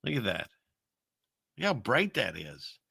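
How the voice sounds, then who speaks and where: A man's voice: fairly low pitch, wildly swooping pitch, unhurried, creaky, sharp tone, slightly rough, no room sound, studio quality. A man hosting a show, rambling wryly through video clips and talking to his chat. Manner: rambling, wry, talks to chat. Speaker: show host. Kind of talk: casual commentary on video clips.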